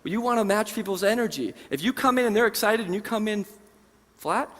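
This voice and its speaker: A man presenting a live seminar, telling animated stories to an audience in a large conference hall. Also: high voice, brisk. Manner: animated, conversational storytelling to an audience.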